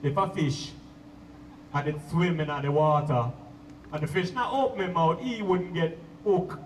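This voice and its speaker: A man putting on a slow-talking Jamaican roots man. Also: on the high side, a little hiss or hum, pitched below the performer's own voice, natural voice. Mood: sage. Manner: slow, drawn-out preaching. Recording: echoey, distant live stage audio.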